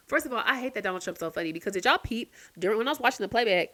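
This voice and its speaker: A woman's voice: on the high side, rapid-fire, few pauses, no echo. Profane woman ranting late-night chat. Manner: profane, animated ranting with sudden loud outbursts. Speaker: vlogger.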